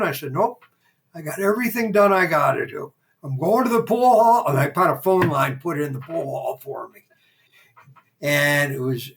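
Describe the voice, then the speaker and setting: An older man telling stories as a podcast guest in a casual interview, lively and acting out the voices of people in his anecdotes. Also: fairly high pitch. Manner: animated raconteur who acts out quoted dialogue.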